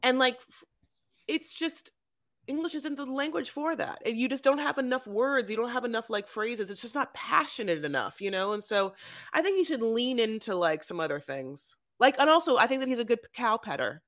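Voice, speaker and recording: A woman's voice: on the high side, animated, moderate pace, fairly bright tone, dry recording, studio quality. A woman co-hosting a podcast, chatting casually and sassily, calling people "honey" and swearing freely as she goes off on tangents. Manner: sassy, tangent-prone, peppers talk with "honey" and swearing. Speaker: podcast co-host. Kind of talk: casual reality-TV recap chat.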